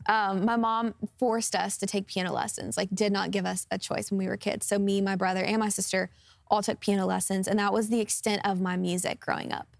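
A woman's voice: medium pitch, flat delivery, fairly quick, creaky, no echo, studio quality. A woman of about twenty, a guest singer sharing her personal testimony in an interview, speaking earnestly and openly with many fillers. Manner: earnest and open, with frequent fillers like "um" and "like".

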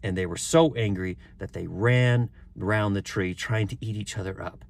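A man's voice: lowish voice, normal speed, vocal fry, no room sound. A man reading a children's story aloud, chuckling and stumbling now and then, with chatty asides. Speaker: reader.

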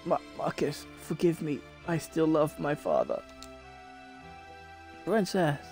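A man's voice: on the high side, very animated, slow pace, darkish tone, soft background music, exaggerated voice. A man voicing a lovestruck young princess in a stage play, pleading tenderly in old-fashioned speech. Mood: tearful pleading.

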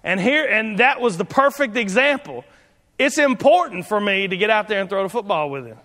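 A man's voice: high-pitched, lively intonation, fairly quick, sharp tone, big-room sound. A man preaching a sermon as pastor, in a folksy, conversational way with frequent restarts.

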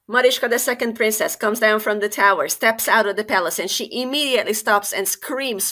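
Bright, expressive woman storyteller. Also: mid-range voice, brisk, few pauses. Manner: expressive, conversational. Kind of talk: fairytale storytelling podcast.

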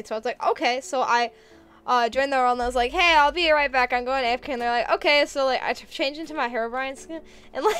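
A young woman live-streaming a game, chatting casually in a rambling way with lots of filler words and frequent laughter. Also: a little high.

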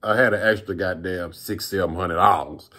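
A man's voice: deep voice, fairly even intonation, normal speed, bright, forceful tone. A man in his thirties from Virginia telling a story in a rambling, laid-back way, with lots of profane slang. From Virginia, USA. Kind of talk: casual storytime vlog.

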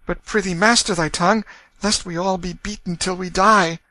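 A man's voice: high voice, fairly even intonation, moderate pace, dry recording, voice pushed up. A man reading aloud, voicing a poor young girl who pleads anxiously with her brother. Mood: worried pleading. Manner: pleading, hushed warnings. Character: poor young girl, worried older sister.

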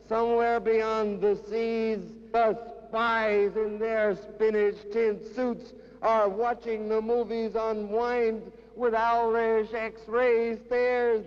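A man's voice: extremely high pitch, clear, resonant tone. A man giving an emphatic, declaimed poetry reading with sudden raised cries, at a public event in a large concert hall. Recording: lo-fi 1960s hall recording with long reverb.

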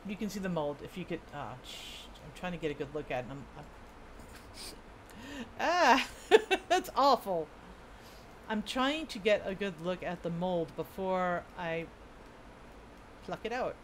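A woman's voice: fairly low pitch, lively intonation, unhurried, pauses often, slight background noise. A young woman chatting casually as she streams a video game, rambling and amused at herself. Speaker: gaming streamer. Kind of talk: casual gameplay commentary.

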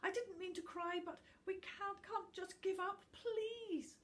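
A woman voicing a small, brave young boy creature who speaks in a high, tearful and urgent way. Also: steady tone, takes it slowly, fairly bright tone, exaggerated voice. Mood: pleading. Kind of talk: storybook reading.

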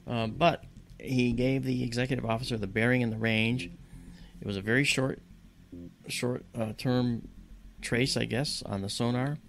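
Man, gravelly voice, medium pitch, lively casual storytelling, podcast guest. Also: moderate pace, a little hiss or hum. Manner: lively storyteller who acts out dialogue. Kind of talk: casual spoken anecdote.

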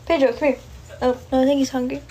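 A woman's voice: sits high, flat delivery, fast, mellow. A young woman from the United States, tired and sleepy, chatting casually on a livestream and answering viewer comments. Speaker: livestream host.

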